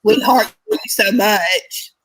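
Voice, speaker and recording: A woman's voice: mid-range voice, slow. A woman co-hosting a casual livestream, reacting to callers and reading the chat aloud. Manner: animated, reads chat aloud. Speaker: livestream co-host.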